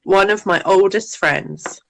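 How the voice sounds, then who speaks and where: A woman co-hosting a podcast, telling an animated story and laughing often. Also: medium pitch, takes it slowly, creaky, dry recording. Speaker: podcast co-host. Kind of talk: casual chat.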